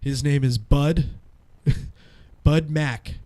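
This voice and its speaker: Speaking very slowly in a slightly high voice, this thirtysomething radio co-host tells profane, laugh-filled stories. The talk is loose podcast banter, and he's an animated storyteller.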